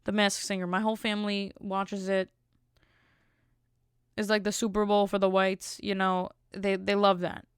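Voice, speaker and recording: Woman podcast host, mid-pitched, casual comic ranting, exasperated and rambling, dry sound. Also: little pitch movement, moderate pace, smooth, dry recording. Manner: rambling, exasperated comic rant with many fillers. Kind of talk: casual comedic chat.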